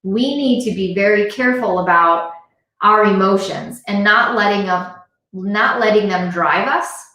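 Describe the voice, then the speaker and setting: A woman's voice: medium pitch, a little slow, pushed and bright. Woman livestreaming a pep talk, earnest, keeps repeating herself, big echoey room. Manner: earnest, repetitive, direct address to viewers. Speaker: motivational speaker. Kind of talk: live-streamed motivational talk. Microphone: device camera on a live stream.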